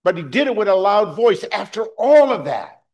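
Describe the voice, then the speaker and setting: A man's voice: high-pitched, big pitch swings, normal speed, dull audio. Man preaching a conversational sermon. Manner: conversational preaching, rising to loud emphasis, with fillers and restarts. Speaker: pastor.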